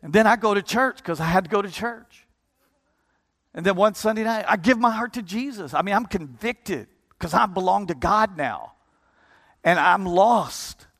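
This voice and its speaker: A man's voice: high voice, lively intonation, moderate pace, a bit bright. A man preaching a sermon, telling his story with passion, repeating and restarting words in bursts. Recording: long hall reverb with music underneath. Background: live keyboard music.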